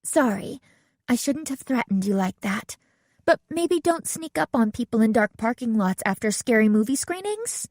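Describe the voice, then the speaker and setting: A woman's voice: a little high, big pitch swings, moderate pace, no echo, studio quality, pitched above the performer's own voice. A woman voicing a jumpy, indignant teenage girl in an audiobook. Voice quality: indignant, loud when startled. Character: jumpy teen girl, quick to shout threats.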